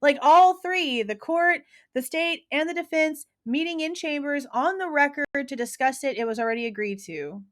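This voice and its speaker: A woman's voice: high voice, moderate pace, hardly any pauses. A woman hosting true crime commentary, talking casually in a slangy, emphatic, opinionated way.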